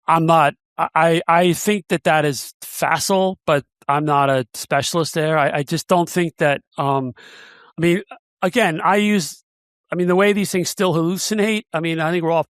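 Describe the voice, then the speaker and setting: Middle-aged guy guesting on a podcast, fairly high voice, stop-start way of talking, dry sound. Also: steady tone, normal speed, a bit bright, no room sound. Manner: hesitant, restarting sentences. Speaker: guest analyst. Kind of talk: casual interview chat.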